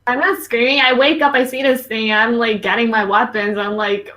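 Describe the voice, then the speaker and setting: A woman's voice: on the high side, fairly even intonation, normal speed, pushed and bright, rough recording. A woman player in a tabletop game, talking casually with many filler words.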